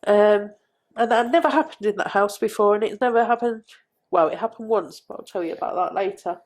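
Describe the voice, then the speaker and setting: A middle-aged woman recounting a painful personal story as a podcast guest, halting and repeating herself. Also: mid-range voice. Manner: halting, repeats phrases, quiet.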